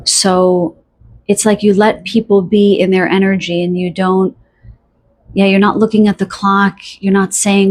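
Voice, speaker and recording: Woman, tarot reader, soft, dreamy, halting, fillers and restarts, speaking to the listener. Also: medium pitch, little pitch movement. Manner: addresses the listener directly. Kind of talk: pick-a-card tarot reading.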